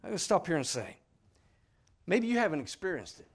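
Animated preacher man, loud then hushed. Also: sits high, brisk, husky. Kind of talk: sermon.

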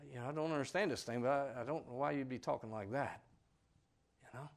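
A mid-range male voice, moving a little fast, preaches an emphatic sermon. He asks his audience many questions and shifts between loud declarations and soft asides.

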